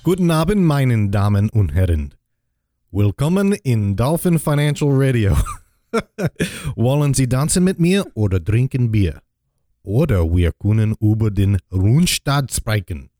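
A man's voice: medium pitch, big pitch swings, a little slow, mellow, studio quality. Man doing a hammy German beer-hall host, mock-formal. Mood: playful.

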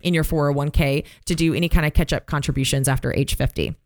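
A woman co-hosting a casual financial talk show, recapping points in a brisk, conversational way. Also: low voice, steady tone. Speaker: co-host.

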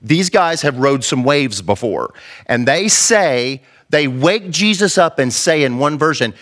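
A man's voice: fairly high pitch, lively intonation, unhurried, a bit bright. A male pastor preaching an impassioned, conversational sermon and acting out the quotes he tells.

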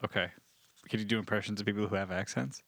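Young dude cohost, quick deadpan teasing, lowish voice. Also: male voice, gravelly, no echo. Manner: dry, teasing, deadpan jabs. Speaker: podcast co-host. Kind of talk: casual comedic banter.

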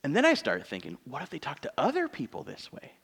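A man's voice: mid-range voice, wildly swooping pitch, fast, creaky, fairly bright tone, husky. A man in his thirties, a pastor preaching a sermon in church in a conversational, joking way, asking his congregation rhetorical questions.

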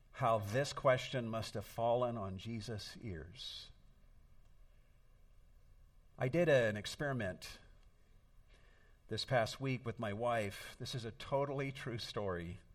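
A man's voice: medium pitch, a little slow, recorded from a distance. A middle-aged man preaching a sermon as pastor, earnest and storytelling, leaning on emphatic words.

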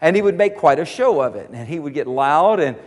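A man preaching a sermon in a folksy, animated storytelling manner, often restarting his sentences. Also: a little high, fairly quick. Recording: long hall reverb.

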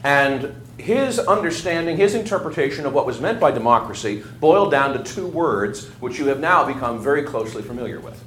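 Lively male lecturer in an echoey room. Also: mid-range voice, fairly quick, few pauses. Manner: lively, conversational, asks the class questions. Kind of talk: classroom history lecture. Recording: echoey room, faint ambient noise.

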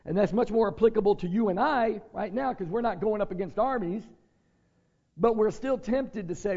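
Male pastor, high voice, earnest sermon delivery with scripture read aloud, dull lo-fi recording. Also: normal speed, dark tone. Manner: earnest preaching mixed with scripture reading.

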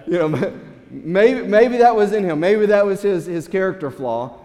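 Pastor guy preaching, fairly high voice, chuckles, trips over words, big church echo. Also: measured pace. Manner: animated storytelling with laughs and repeated words. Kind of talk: sermon. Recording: long hall reverb.

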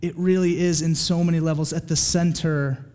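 A man preaching a sermon in a casual, animated way, often checking in with his listeners. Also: a little high, normal speed, clean tone. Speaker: pastor.

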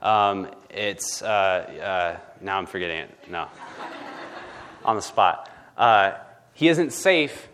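Chatty pastor, emphatic and rambling. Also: male voice, sits low, steady tone, slow, fairly bright tone, a little hiss or hum. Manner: chatty and emphatic, often asking "right?"; lots of ums and false starts. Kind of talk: conversational sermon.

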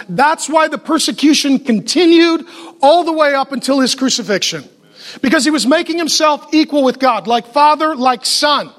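A man preaching a sermon as pastor, emphatic, piling up rapid lists and rhetorical questions, with joking asides to the audience. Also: very high-pitched, fairly bright tone.

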